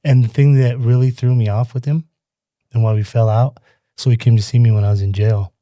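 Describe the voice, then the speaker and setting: Loose-talking man guest, mellow, dry. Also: medium pitch, fairly quick, dry recording. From Salt Lake City, Utah. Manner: animated, loose, leans on "you know what I mean". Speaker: podcast guest. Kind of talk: casual storytelling conversation.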